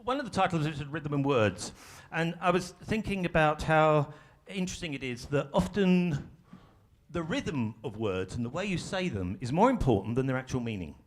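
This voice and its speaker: Animated man presenting onstage. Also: fairly high pitch, moderate pace. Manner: animated, conversational, self-deprecating humor. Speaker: workshop facilitator. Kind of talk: live presentation to an audience. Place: large ballroom stage.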